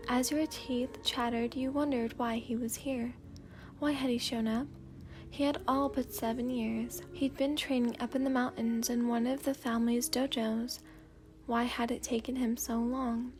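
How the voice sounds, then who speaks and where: A woman reading second-person fanfiction in a slow, hushed, sleepy storytelling voice, at times dropping to a whisper. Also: a little high. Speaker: fanfiction reader.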